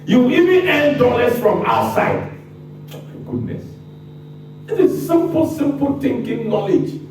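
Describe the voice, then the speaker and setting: A Ghanaian man gives a fired-up lecture and pelts his listeners with rhetorical questions. His voice sits high and swings widely, with a mellow, dark tone. He sounds far from the mic in a very echoey room with faint background noise. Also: big pitch swings, moderate pace. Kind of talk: public lecture.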